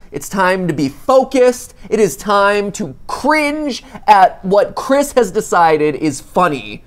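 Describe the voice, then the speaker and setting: A woman's voice: mid-range voice, very animated, slow pace, few pauses. A woman co-hosting a live web show, chatting casually with playful, teasing banter. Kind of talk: casual chat.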